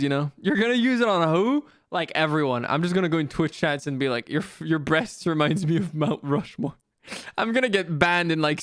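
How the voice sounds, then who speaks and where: A young male streamer with a high, smooth voice chats to his viewers at a home streaming setup. He is excitable and self-mocking and swears freely, and the sound is close and dry. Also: no room sound. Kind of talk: casual live-stream commentary.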